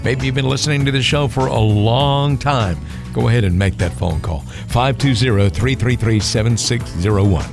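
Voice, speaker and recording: A man hosting a radio show, upbeat, reading phone numbers slowly and repeating them. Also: mid-range voice, creaky. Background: music bed.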